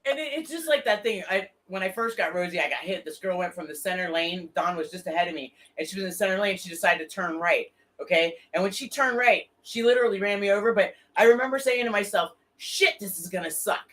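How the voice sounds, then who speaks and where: A woman hosting a casual motorcycle talk show, telling lively stories and swearing freely. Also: mid-range voice, fast talker, hardly any pauses. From Florida. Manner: animated storyteller, swears freely. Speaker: podcast host. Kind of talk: casual chat.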